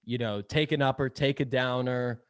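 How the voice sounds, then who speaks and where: A young man talks loosely as a podcast guest, full of fillers and easy laughs, with the odd swear word. His voice sits at an ordinary middle pitch. The sound is dry and close, with no room around it. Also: fairly even intonation, normal speed, smooth, dry recording. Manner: rambling, filler-heavy, laughs often, swears casually. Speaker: podcast guest, sales podcast host. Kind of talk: casual interview chat.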